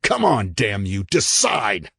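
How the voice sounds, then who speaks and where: A man voicing a desperate young husband who shouts in terror, ragged and high. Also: wildly swooping pitch, slow, vocal fry, slightly rough, no room sound, studio quality, full character voice. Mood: taunting. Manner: ragged shrieking, pitched high.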